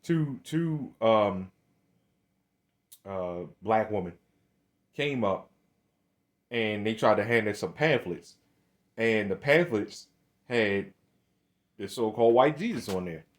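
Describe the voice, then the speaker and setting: A man's voice: expressive, takes it slowly, long pauses. A man giving a preaching monologue, heated and emphatic, with many restarts. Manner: starts low and hesitant, grows heated and emphatic. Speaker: religious video speaker.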